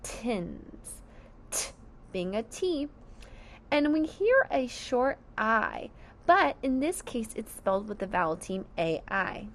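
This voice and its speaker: Slow, gravelly-edged phonics teacher, woman. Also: a little high, sing-song, slight background noise. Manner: sounds out words syllable by syllable, clearly enunciated. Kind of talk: slow, deliberate phonics lesson for young children.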